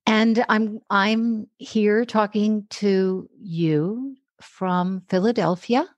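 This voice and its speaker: A woman's voice: mid-range voice, extremely slow, no room sound, highs cut off. A woman voice and speech coach, a guest on a casual podcast, talking with enthusiasm, articulating precisely and laughing easily. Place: home in Philadelphia.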